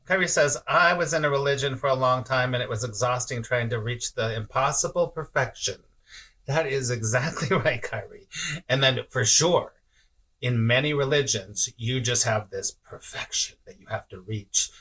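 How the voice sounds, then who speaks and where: A man with a bright, forward voice and a middle pitch gives a loose, chatty spiritual talk. He reads viewer comments on a live stream, chuckles often, and repeats his phrases. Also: expressive, normal speed, husky. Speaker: spiritual teacher.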